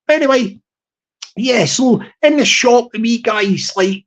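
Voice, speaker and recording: A man's voice: very high-pitched, measured pace, fairly bright tone. A young man hosting a live stream, telling a rambling comic story with lots of restarts and asides.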